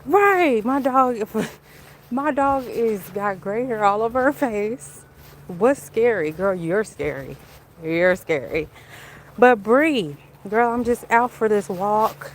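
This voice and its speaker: A woman's voice: fairly high pitch, takes it slowly, slight background noise. Chatty woman vlogging on a walk. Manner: chatty, animated, greets and answers viewers' comments. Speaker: livestream vlogger. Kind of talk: casual walk-and-talk livestream chat. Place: outdoors on a walk.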